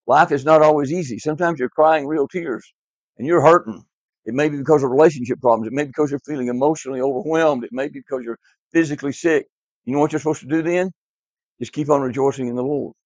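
A man's voice: a little high, fast, no room sound. A man teaching a class Bible lesson, emphatic and repetitive, quizzing his students in a classroom. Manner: emphatic, repeats key words, quizzes the class. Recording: dull lo-fi, dry.

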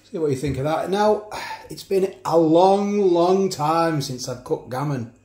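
A man's voice: fairly high pitch, a little slow, mellow, echoey room. A man chatting casually as he cooks and tastes food in a home kitchen. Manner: chatty, talks while chewing, frequent restarts. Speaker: food reviewer. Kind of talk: casual food review vlog.

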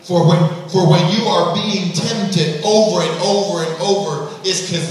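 A man's voice: high-pitched, a little slow. A man preaching a sermon to his church with passion, acting out voices as he goes. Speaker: pastor. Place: large church hall. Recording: echoey hall from far off, faint noise.

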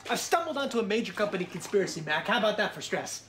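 Frantic sitcom mailroom guy, high voice, wildly swinging pitch, manic rant. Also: sing-song, racing, fairly bright tone, faint music behind. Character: frantic paranoid male mailroom clerk. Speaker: mailroom worker. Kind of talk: sitcom acting.

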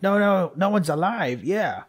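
A young man commentating his gameplay, joking, excitable, and talking to the characters on screen. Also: high voice, a little slow, breathy edge, soft background music. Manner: joking, excitable, talks to the game characters, laughs often. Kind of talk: let's play commentary.

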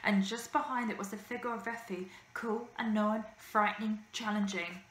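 A woman teacher reading a children's novel aloud with lively, expressive storytelling. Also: medium pitch, normal speed, a little hiss or hum. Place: school room. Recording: echoey room, faint ambience.

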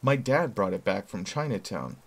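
A man's voice: lowish voice, lively intonation, moderate pace, gravelly, breathy edge, heavily acted. A man voicing a friendly, easygoing young man with an upbeat manner. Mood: explaining.

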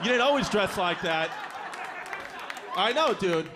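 New guy doing stand-up, high voice, brash and foul-mouthed, crowd noise clearly behind him in the club. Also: animated. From Brooklyn, New York. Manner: brash, profane, rapid-fire with crowd work. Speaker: stand-up comedian. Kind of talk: stand-up comedy set. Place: comedy club stage before a live audience. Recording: live club recording with audience noise. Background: audience laughter.

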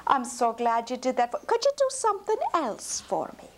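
A woman's voice: high voice, sing-song, normal speed, pitched above the performer's own voice. Woman doing a sly sweet-talking giant's wife. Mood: coaxing. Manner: coaxing, lilting, falsely sweet.

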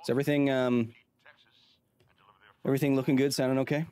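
A man's voice: mid-range voice, little pitch movement, brisk, a little mellow, smooth, dry recording. Playful man streaming a game. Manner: playful, jokey, reads chat aloud. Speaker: streamer, science communicator. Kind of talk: casual live-stream chat.

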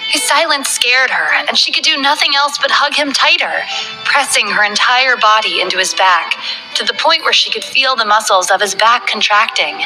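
A woman reading a romance novel aloud in a soft, dramatic storytelling way. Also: a little high, normal speed, rough recording. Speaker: audiobook narrator. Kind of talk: scripted narration of a romance novel. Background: background music.

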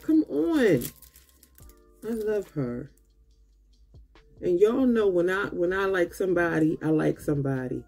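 A woman with a husky, slightly breathy voice unboxing makeup for her viewers, speaking. She talks slowly and sounds tired and drained, yet keeps gushing with excitement. Soft music plays faintly behind her. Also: lowish voice. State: tired and low on energy. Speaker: beauty vlogger. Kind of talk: casual unboxing chat.

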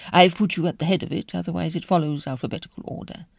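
A woman voicing a cool, smug young gentleman who speaks calmly and slyly, in a husky voice. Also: fairly low pitch, fast talker, no echo, clean studio sound. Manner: calm, sly, understated.

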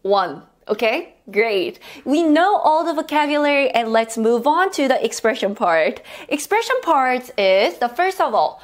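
Young Korean-accented woman, upbeat online teacher with a high, bouncy voice. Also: very animated. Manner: cheerful, repeats words slowly for practice. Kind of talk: online language lesson.

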